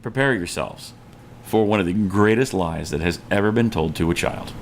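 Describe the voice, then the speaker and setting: A man's voice: on the low side, normal speed, background noise. A man co-hosting a podcast, chatting casually and stumbling over repeated words. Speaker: podcast co-host. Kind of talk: casual chat.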